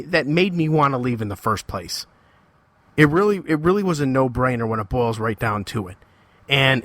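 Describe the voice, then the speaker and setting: Male podcast host, bright voice, dry close sound, ranting solo and repeating himself for emphasis. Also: mid-range voice, no room sound. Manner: heated, confrontational ranting; repetitive, emphatic phrasing.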